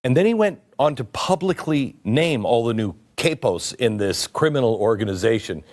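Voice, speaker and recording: Sarcastic male political commentator, lively. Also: medium pitch, moderate pace. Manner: sarcastic, mocking asides.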